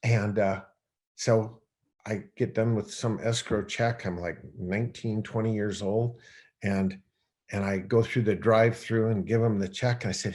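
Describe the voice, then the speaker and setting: A middle-aged man, a podcast guest, telling a personal story in a rambling, animated way with many restarts. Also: fairly low pitch, unhurried. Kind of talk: storytelling in conversation.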